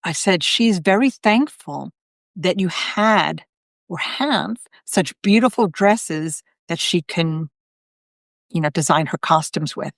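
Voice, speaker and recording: A woman's voice: fairly low pitch, expressive, takes it slowly, creaky, no echo, studio quality. A middle-aged woman, a psychic medium hosting a live video, telling a story in a chatty way with many fillers and quoted voices. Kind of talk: casual storytelling on a live stream.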